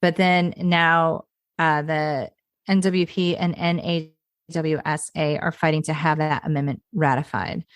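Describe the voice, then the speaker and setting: Chatty woman podcaster with a lowish voice. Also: steady tone, measured pace, dry recording, clean studio sound. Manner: chatty, laughs often, many fillers and restarts. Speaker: podcast co-host. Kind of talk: casual history podcast chat.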